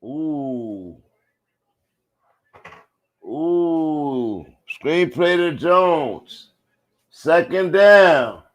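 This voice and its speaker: A man calling a football game live for his viewers in a casual, slangy way. His voice sits a little high, and he talks at an unhurried pace. He keeps bursting into loud, excited exclamations on the big plays. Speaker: live play-by-play host. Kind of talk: casual live play-by-play commentary.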